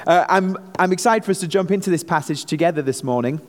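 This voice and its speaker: A man with a Manchester English accent preaches a sermon as a visiting missionary pastor, slipping light jokes between his points. His voice sits a little high. The sound carries a long reverb from a large hall. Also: quick pace. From England.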